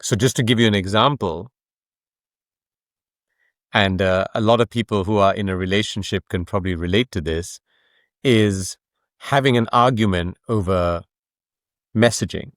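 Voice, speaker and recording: A man's voice: on the low side, moderate pace, pauses often, no room sound, studio quality. A man, an author and coach, explaining his ideas in a conversational interview, emphatic and fond of rhetorical questions. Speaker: author and coach, podcast guest.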